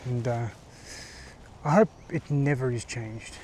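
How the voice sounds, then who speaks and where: A man in his forties with an Australian accent, vlogging in a casual, halting monologue full of fillers and restarts, from a car on the road. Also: mid-range voice, darkish tone, a little hiss or hum. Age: 40s.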